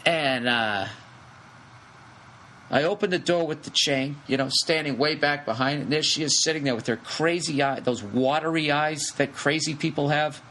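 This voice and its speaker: A middle-aged man tells a long comic story on his podcast, swearing freely and talking in quick, animated bursts. His voice sits a little high for a man. A faint hiss runs under the recording. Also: low-quality recording. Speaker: podcast host. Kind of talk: rambling comedic storytelling. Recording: faint background noise.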